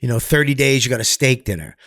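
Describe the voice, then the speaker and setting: A middle-aged man, a comedian guest telling rough stories, swearing and loudly acting out what people said. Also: mid-range voice, fast talker, dry recording, clean studio sound. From Massachusetts, US. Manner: profane, animated, acts out quotes loudly. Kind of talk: candid storytelling interview.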